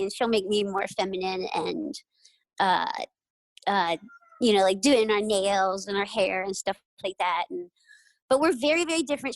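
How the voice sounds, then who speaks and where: A middle-aged woman, a guest on an interview show, telling lively stories and often acting out quoted voices with laughter. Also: medium pitch, dry recording, poor audio. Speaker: guest, retired jockey. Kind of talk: casual interview storytelling.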